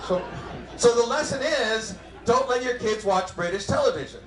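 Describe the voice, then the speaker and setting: Stand-up comic, man in his 30s, high and lively voice, roomy club mic. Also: a crowd in the background. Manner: animated, acts out dialogue in quick bursts. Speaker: stand-up comedian. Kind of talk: stand-up comedy set. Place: comedy club stage before a live audience.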